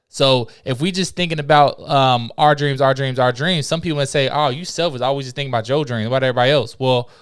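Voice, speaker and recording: A man co-hosting a podcast, a former morning show host, giving advice in a casual, preachy way built on sayings. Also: medium pitch. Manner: preachy, uses sayings, asks "right?".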